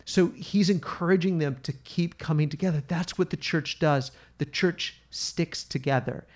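A man's voice: on the high side, moderate pace. A man hosting a Bible study podcast, talking in an earnest, teacherly way and often repeating words as he thinks. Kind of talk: casual Bible study talk.

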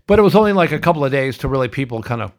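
A man's voice: medium pitch, animated, very fast. A middle-aged man hosting a podcast, delivering a blunt, sardonic, ranting monologue. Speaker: podcast host.

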